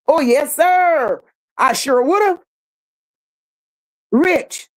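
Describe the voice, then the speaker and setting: Woman doing reaction commentary, high voice, drawls slow, laughing gossip. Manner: animated, laughing, gossipy with playful put-on voices. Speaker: reaction channel host. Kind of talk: casual commentary reading chat comments.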